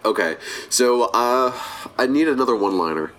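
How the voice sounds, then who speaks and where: Tabletop player, man, medium pitch, loose filler-heavy chat. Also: normal speed, fairly bright tone. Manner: rambling, lots of "like". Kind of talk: casual game chat.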